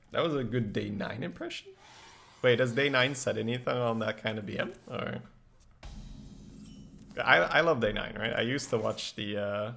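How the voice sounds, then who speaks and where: A man with a creaky, fairly bright, medium-pitched voice streams a card game. He talks through his plays in casual, analytical commentary, thinking aloud about moves and laughing easily.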